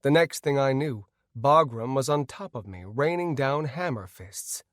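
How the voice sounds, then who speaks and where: A man reading a first-person fantasy audiobook in an expressive, action-driven style. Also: mid-range voice, no room sound, clean studio sound. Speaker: audiobook narrator.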